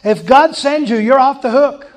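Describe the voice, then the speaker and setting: Male preacher, high voice, casual sermon style with laughing asides and repeated emphasis. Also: normal speed. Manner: conversational, chuckling asides, emphatic repetition. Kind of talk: informal sermon teaching.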